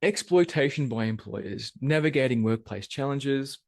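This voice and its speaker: A man's voice: mid-range voice, moderate pace, gravelly, few pauses, dry recording, studio quality. A man giving a live webinar talk, asking the audience questions and posing them as he goes. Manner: animated, asks the audience questions. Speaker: webinar presenter.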